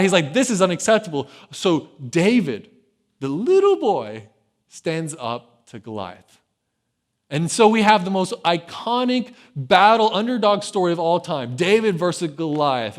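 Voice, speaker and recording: A pastor with a high voice tells a sermon story in an easy, chatty way. He often tosses in "right?" to check in with his listeners. He gets animated as he acts out the voices of the people in the story. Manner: conversational, keeps checking in with "right?".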